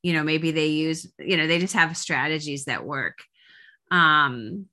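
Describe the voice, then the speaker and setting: A woman's voice: sits low, measured pace, sharp tone. A woman in her forties leading a parenting coaching group, talking casually with many fillers and restarts.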